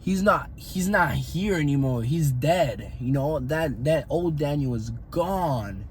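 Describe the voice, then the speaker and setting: A man's voice: high-pitched, slight background noise. A young man telling his own faith story in an earnest, rambling way, often repeating himself. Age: young adult. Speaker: fitness coach vlogger. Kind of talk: personal faith testimony.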